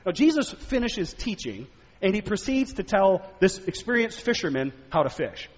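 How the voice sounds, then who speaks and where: A male preacher giving a sermon, telling stories and asking animated rhetorical questions. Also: high-pitched, moderate pace. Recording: echoey hall, dull lo-fi sound.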